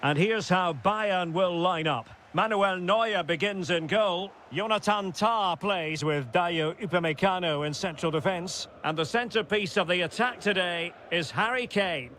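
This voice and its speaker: A man giving play-by-play football game commentary, shouting on goals and calm between plays. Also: high-pitched, a little slow, slight background noise.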